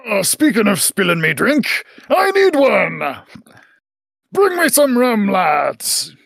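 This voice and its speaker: Man playing a gruff growling pirate captain. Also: sits high, huge pitch swings, takes it slowly, a bit bright, no room sound, pitched above the performer's own voice, heavily acted. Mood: demanding. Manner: growling pirate talk, "arr" and "me".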